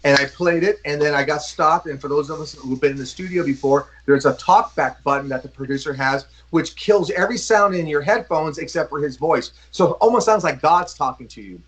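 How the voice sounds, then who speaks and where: A man in his fifties from Los Angeles, a guest drummer telling a profane, animated story with lots of fillers in a casual interview. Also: fairly high pitch, brisk, hardly any pauses. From Los Angeles, USA.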